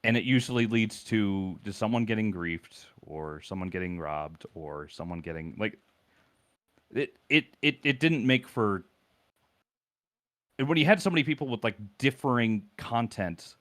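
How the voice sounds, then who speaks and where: A man's voice: on the low side, expressive, moderate pace, a bit bright. A man in casual gaming chat, talking things through thoughtfully and hesitantly, with many fillers. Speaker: stream co-commentator.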